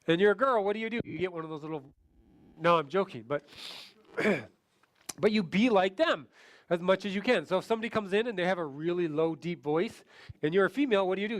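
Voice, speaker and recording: A man's voice: high voice, expressive, a little fast. A man leading a sales training seminar. He keeps asking the audience questions and acts out other people's voices to show his points.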